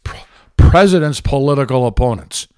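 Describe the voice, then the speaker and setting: A man's voice: mid-range voice, expressive, moderate pace, dark tone, clear, resonant tone, no echo. A man hosting a political talk show, ranting with heated, indignant sarcasm. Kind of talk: angry political commentary.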